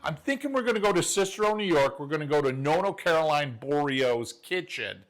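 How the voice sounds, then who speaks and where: An enthusiastic man hosts a cooking show from his home kitchen, with a slightly higher voice than most men. He chats folksily and straight to the camera, walking viewers through a recipe. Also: expressive, brisk, soft background music. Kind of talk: chatty cooking demonstration.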